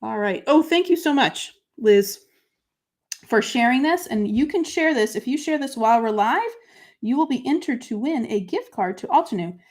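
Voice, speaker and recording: A woman's voice: on the high side, animated, moderate pace. Chatty woman demonstrating a craft live. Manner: chatty and self-deprecating, narrating each step while working; answers viewer comments by name. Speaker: host of a live papercrafting stream.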